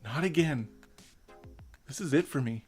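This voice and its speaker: A man's voice: medium pitch, lively intonation, measured pace, darkish tone, faint music behind. A man in his thirties giving an earnest, emotional personal rant as a vlogger, swearing now and then. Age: 30s.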